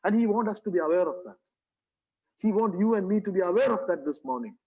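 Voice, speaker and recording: A man preaching in a church with a Kerala English accent, his voice high and husky. He speaks earnestly, repeats his phrases and keeps asking the congregation rhetorical questions. The recording is dull and lo-fi. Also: expressive, quick pace. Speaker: pastor. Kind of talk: sermon.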